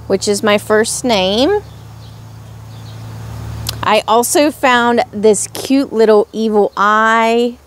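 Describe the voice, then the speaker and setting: A young woman in a casual haul vlog, showing off little charms and gushing over each one with drawn-out exclamations. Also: a little high. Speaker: crafts vlogger.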